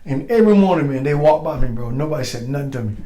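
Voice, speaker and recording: Fast-talking animated male storyteller. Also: fairly high pitch, a crowd in the background, rough recording. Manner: animated, profane, slangy, acts out quoted voices. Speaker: guest, former Green Beret. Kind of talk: casual storytelling chat.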